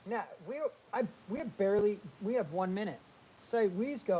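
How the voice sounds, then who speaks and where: A man's voice: sits high, normal speed, a little hiss or hum, low-quality recording. Man teaching figure drawing while sketching. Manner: energetic, repeats phrases, talks while sketching. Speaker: art instructor. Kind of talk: live drawing demonstration.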